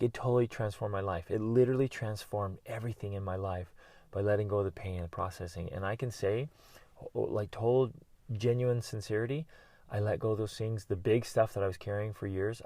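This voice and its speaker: Gravelly, low-voiced man giving earnest advice. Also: fairly even intonation, fairly quick, dry recording. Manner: earnest and encouraging, with bursts of loud yelling. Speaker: podcast host and life coach. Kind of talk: motivational solo talk.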